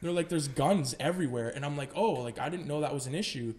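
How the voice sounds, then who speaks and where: A man's voice: a little high, fast. A young man, a film student guest on a podcast, telling stories in casual chat with plenty of fillers and swearing. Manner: animated storytelling with lots of filler and swearing.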